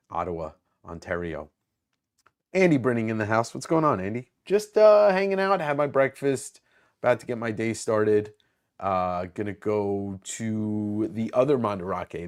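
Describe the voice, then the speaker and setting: A man hosting a casual live stream, rambling and self-mocking as he greets viewers in the chat by name. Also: sits low.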